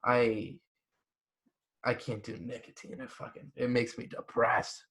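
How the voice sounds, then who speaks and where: A young man talks loosely on a podcast, blunt and animated, swearing constantly. His voice is bright and forceful, sitting in a middle pitch range. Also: unhurried. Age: young adult. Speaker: podcast host. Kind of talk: casual chat.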